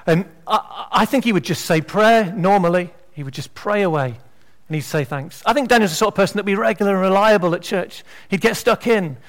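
A man preaches a sermon in a notably high voice. He speaks in an animated, conversational way and drops wry, humorous asides between his points. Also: a little fast.

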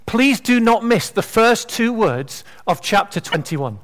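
A man preaches a sermon in a notably high voice. He speaks in an animated, conversational way and drops wry, humorous asides between his points. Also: measured pace.

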